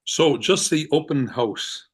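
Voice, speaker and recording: A man's voice: a little high, slow pace, breathy edge. Hesitant man asking questions in class. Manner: hesitant, thinking aloud. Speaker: student. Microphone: video call.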